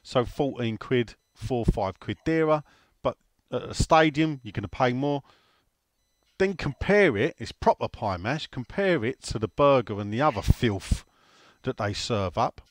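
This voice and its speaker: A man's voice: medium pitch, lively intonation, measured pace, no room sound. A man co-hosting a casual football chat, teasing and answering listener questions. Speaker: podcast co-host.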